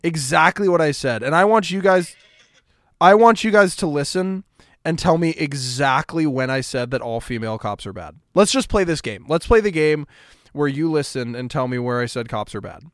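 A man's voice: fairly high pitch, animated, moderate pace, fairly bright tone, dry recording, clean studio sound. Blunt, mocking male podcast host. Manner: blunt, mocking, profane rant. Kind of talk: casual podcast monologue.

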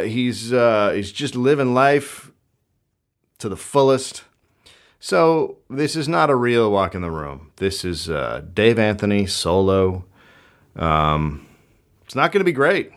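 A man's voice: lowish voice, clean tone. A man hosting a podcast alone, riffing in a profane, sarcastic, rambling comedic monologue into a microphone at home. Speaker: podcast host. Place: home closet studio. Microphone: studio microphone.

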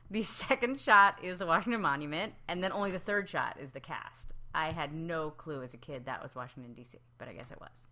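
A woman in her thirties co-hosting a casual podcast chat, animated and quick to act out what others said. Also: low voice. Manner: animated, acts out quotes in raised voices. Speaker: podcast co-host.

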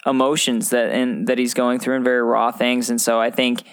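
A man with a smooth, clear voice at an ordinary middle pitch, chatting casually as a podcast co-host. He talks things through in a relaxed, thoughtful way and slips in jokes, often tossing in a friendly "man". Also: moderate pace. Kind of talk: casual movie discussion chat.

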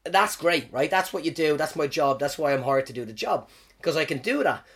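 An Irish comedian hosting his podcast, telling stories about his gigs in an animated, swearing, self-mocking way. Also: fairly high pitch, a little fast, slightly rough. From Ireland. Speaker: stand-up comedian, podcast host. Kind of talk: casual storytelling monologue.

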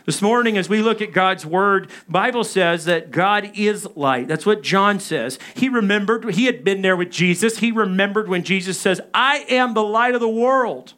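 A man in his thirties preaching a sermon, telling a personal story with animated delivery and acting out his own panicked calls. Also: high voice, normal speed, few pauses. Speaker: pastor.

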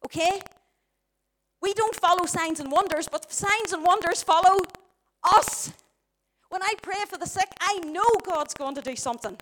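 A woman's voice: very high voice, normal speed, fairly bright tone. A middle-aged woman with a Northern Irish accent preaching a sermon, emphatic and full of rhetorical questions to the congregation.

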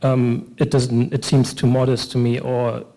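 A man in the audience asking a long question after a lecture, halting and hedging as he goes. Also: medium pitch, little pitch movement, dark tone, rough recording. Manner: halting, many fillers and restarts. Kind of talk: hesitant question from the floor.

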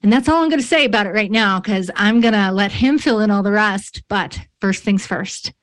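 A chatty woman from New York State hosts a casual interview with plenty of self-mocking humor. Her talk is bubbly and quick to joke. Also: mid-range voice. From New York State, USA. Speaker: podcast host.

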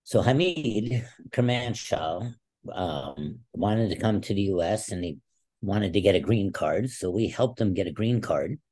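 A man's voice: fairly low pitch, expressive, measured pace, darkish tone. A man in his sixties, a former Olympic wrestler, telling stories in an interview with emphatic, rambling speech. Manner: rambling, emphatic, many restarts. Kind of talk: storytelling in a casual interview.

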